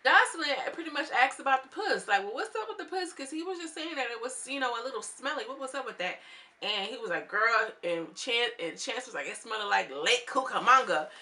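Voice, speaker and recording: A young woman recapping a reality show in casual chat, sassy and animated, acting out what each cast member said. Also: a little high, a little fast.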